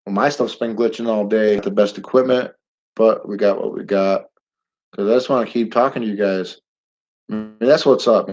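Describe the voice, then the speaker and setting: A man's voice: fairly low pitch, highs cut off. A middle-aged man hosting a casual live stream, talking bluntly and rambling, getting heated and swearing now and then.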